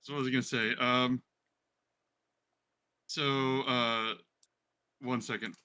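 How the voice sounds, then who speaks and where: A man's voice: medium pitch, little pitch movement, takes it slowly, bright, forceful tone, clean tone. A man running a tabletop role-playing game, narrating in a chatty way with many fillers. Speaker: game master.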